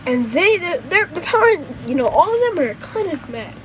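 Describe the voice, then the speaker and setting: High-pitched woman retelling a fan story, rambly, lots of restarts and fillers. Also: big pitch swings, moderate pace, a bit bright, a little hiss or hum, poor audio.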